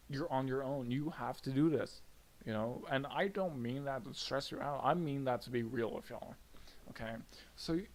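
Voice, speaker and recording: A man's voice: medium pitch, slight background noise. A young man in his first college semester, chatting playfully and casually as he gives advice in a vlog, often checking in with "okay?" and "you know?". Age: young adult. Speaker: college freshman vlogger.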